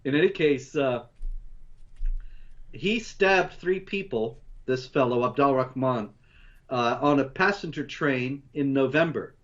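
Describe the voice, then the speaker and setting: A man co-hosting, running through news stories in a measured, steady way. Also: medium pitch, highs cut off. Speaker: co-host. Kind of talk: news rundown commentary.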